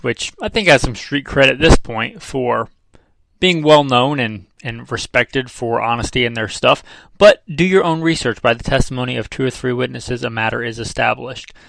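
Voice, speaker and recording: A man's voice: mid-range voice, creaky, fairly bright tone, no room sound, rough recording. A man, a firearms trainer, talking through a casual instructional lesson in a conversational way, repeating key figures and dropping dry sarcastic asides.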